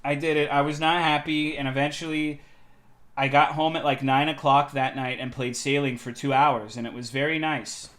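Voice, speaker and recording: A man streaming, telling a heated story about his day in a casual, profane, animated way. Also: fairly high pitch, normal speed.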